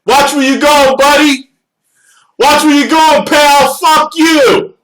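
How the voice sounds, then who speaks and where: A man voicing a hotheaded, cursing road-rage driver who yells profanely. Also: extremely high pitch, fairly even intonation, slow, echoey room, pitched above the performer's own voice, full character voice, low-quality recording. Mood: angry. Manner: yelling, profane.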